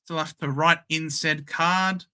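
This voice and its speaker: A man's voice: fairly high pitch, steady tone, unhurried, pushed and bright, smooth. A young Australian man hosting a casual live sports watchalong, bantering cheekily with chat and reading out scores. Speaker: livestream host.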